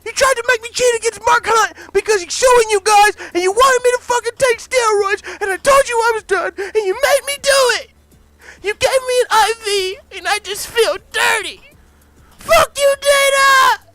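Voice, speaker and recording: A man voicing a furious, anguished heavyweight fighter bodyguard in a comic fan story, shouting and cursing. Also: high voice, brisk, hardly any pauses, soft background music, pitched above the performer's own voice. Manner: bellowing, anguished, profane. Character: enraged hulking male heavyweight fighter bodyguard.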